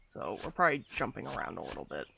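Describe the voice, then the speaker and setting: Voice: mid-range voice, huge pitch swings, fast, gravelly, sharp tone, slight background noise. A VTuber streamer chatting casually while playing a game, rambling and laughing often. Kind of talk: casual gaming stream chat.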